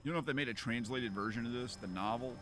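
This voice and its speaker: Casting: casual male streamer, mid-pitched, joking and rambling, over game music. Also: fast, fairly bright tone. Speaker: gaming streamer. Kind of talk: casual playthrough commentary.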